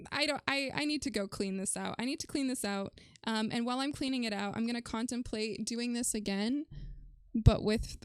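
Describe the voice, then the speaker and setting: Woman streamer chatting away to chat, kinda high smooth voice, dry close mic. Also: dry recording. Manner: chatty and animated, reads chat aloud, frequent "um" and "like". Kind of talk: casual livestream chat.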